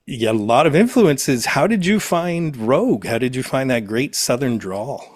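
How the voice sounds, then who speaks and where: A man from Canada interviewing a guest, asking enthusiastic, halting questions. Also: mid-range voice, lively intonation, dry recording, studio quality.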